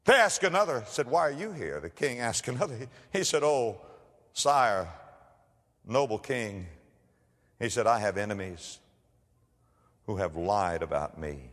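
A man preaching a sermon, telling stories and rising to loud emphatic declarations. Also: on the low side, expressive, measured pace, long pauses, in a large hall. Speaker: pastor.

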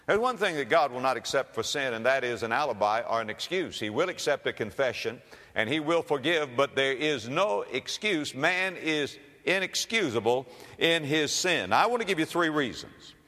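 This preacher's sermon is theatrical, his voice climbing and dropping across a broad range while he stresses important words. It rings out inside a long, hall-like reverb. The delivery is animated, pushed and bright, at a moderate pace.

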